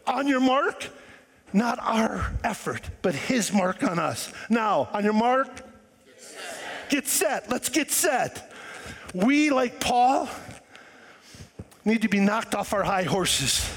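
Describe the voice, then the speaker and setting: A pastor with a very high, husky voice delivers his sermon to a church. His pitch jumps around lively as he questions the congregation and slips into acted voices. A long hall reverb trails behind every line.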